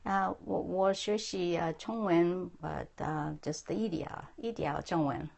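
A woman teaching a live-streamed language lesson. She speaks slowly and patiently, repeating words for her viewers, with a gravelly edge to her voice. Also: lowish voice, darkish tone. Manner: patient, repeats phrases, mixes English and Japanese. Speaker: Japanese teacher. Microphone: phone.

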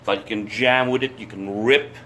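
A man's voice: on the low side, steady tone, moderate pace, a bit bright, a little hiss or hum. A man hosting a casual chat, enthusiastically explaining bladed tools in detail. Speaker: host. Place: Florida.

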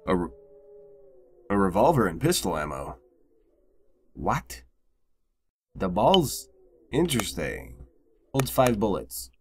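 A man's voice: on the low side, a little hiss or hum. A young man commentating casually on a horror game, swearing often and getting exasperated. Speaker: gamer. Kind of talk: let's play commentary.

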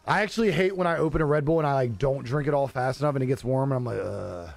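A man's voice: mid-range voice, racing, no room sound. Young guy streamer, loose and jokey, lots of cursing, dry close mic. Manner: laid-back, joking, swears a lot, laughs often. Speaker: live streamer. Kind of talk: casual live-stream chat reading viewer comments. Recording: dry close-mic with faint music behind.

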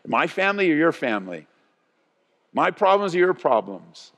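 Man preaching, lively intonation, fairly high voice, long hall reverb. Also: normal speed, creaky. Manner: animated, swings between loud and hushed. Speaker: pastor. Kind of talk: sermon.

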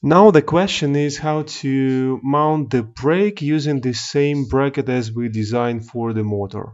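A man walks through engineering hardware in a technical demonstration, his voice sitting at an ordinary middle pitch. He explains step by step, often pausing and restarting mid-phrase. The recording sounds dull and slightly lo-fi. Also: darkish tone. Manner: explanatory, hesitant with fillers and restarts. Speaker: engineer presenting a product demo.

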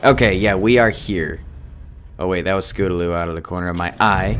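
A man doing let's play commentary of a horror game from his home studio, breaking into panicky screams and loud swearing. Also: sits low, brisk, background noise. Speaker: gaming YouTuber. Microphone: desk mic, no webcam. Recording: game music playing behind. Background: game music.

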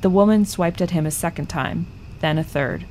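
A woman calmly narrating a scripted piece of narrative journalism. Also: on the low side, normal speed, a little hiss or hum.

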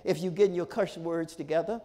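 A male pastor preaching a sermon in a folksy, repetitive style, with shouted peaks and laughter between points. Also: fairly high pitch, fairly even intonation, a little fast, long reverb tail. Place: church sanctuary.

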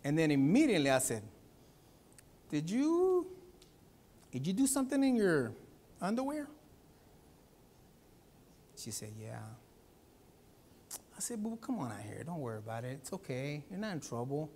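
A pastor preaching a Sunday sermon, telling a family story with acted-out voices. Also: male voice, a little high, moderate pace, pauses often. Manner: animated storytelling, acts out voices.

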